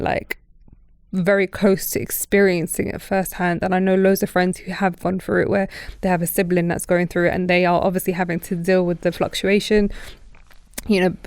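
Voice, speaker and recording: A woman's voice: lowish voice, clean tone, no echo, clean studio sound. A woman, hosting a podcast and telling her own story candidly, acting out the people in it. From Britain. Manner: candid, animated storytelling with quoted voices. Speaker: podcast host. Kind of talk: casual chat.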